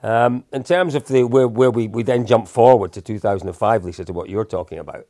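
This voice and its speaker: Creaky-voiced man telling stories. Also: lowish voice, brisk, warm tone, no echo, clean studio sound. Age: 50s. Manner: anecdotal, self-deprecating, with frequent restarts and chuckles. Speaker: interview guest. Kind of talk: casual storytelling in an interview.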